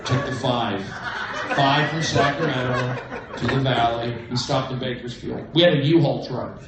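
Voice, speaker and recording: A man doing a stand-up comedy set in a comedy club, with a manic, erratic delivery that breaks into sudden loud outbursts. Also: medium pitch, moderate pace, heavy background noise. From American Southwest. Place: comedy club main room. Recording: roomy, distant livestream audio with crowd laughter.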